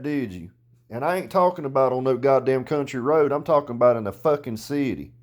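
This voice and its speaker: A man with a Southern US accent ranting in a vlog, boastful and profane, growing loud and worked up. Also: mid-range voice, fairly quick. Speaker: vlogger.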